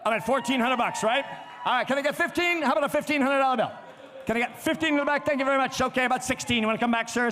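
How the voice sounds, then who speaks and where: A man running a charity auction at a gala, calling bids rapidly and cracking jokes at the crowd. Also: extremely high pitch. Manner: rapid, joking, calls bids out loud. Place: gala event venue, indoors. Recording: reverberant event space, faint background noise.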